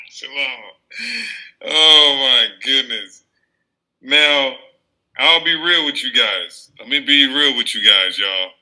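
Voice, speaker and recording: Very bright-voiced man, loose commentary. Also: medium pitch, drawn-out words, long pauses, low-quality recording. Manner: laughing, stumbling, loose and animated. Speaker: commentator in a played video. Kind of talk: casual commentary.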